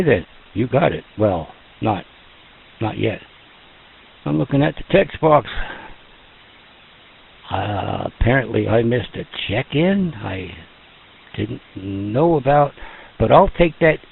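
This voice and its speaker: A man runs an amateur radio net in a slow, drawn-out, folksy way. His gravelly, husky voice rises and falls a lot. It comes through a tinny radio line. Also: medium pitch, animated. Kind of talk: casual radio net chat.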